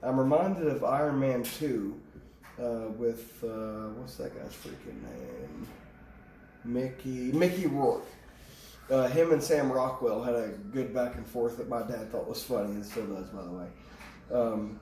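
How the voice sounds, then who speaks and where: A man's voice: medium pitch, animated, unhurried, mellow, slight background noise. A man giving a casual tarot reading, rambling off on tangents and swearing casually. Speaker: tarot reader. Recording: echoey room, distant mic, faint ambience.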